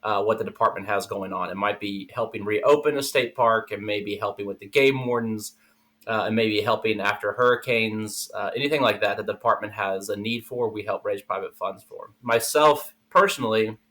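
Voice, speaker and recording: Easygoing podcast guest from South Texas, a man in his thirties, lowish bright voice. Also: moderate pace. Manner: easygoing, explains with fillers. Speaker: guest, nonprofit engagement manager. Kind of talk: conversational podcast interview.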